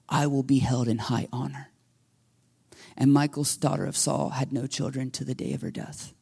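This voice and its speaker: Gravelly, husky-voiced male pastor preaching. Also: medium pitch, moderate pace. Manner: animated storytelling, acting out quoted voices, dropping to a whisper at times. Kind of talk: sermon. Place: church sanctuary.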